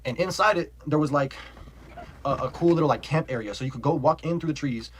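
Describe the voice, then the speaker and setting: A young man with a fairly high, husky voice tells a storytime at a brisk clip on a low-quality recording. It's rambling, animated and profane, stuffed with "like," and he laughs as he goes.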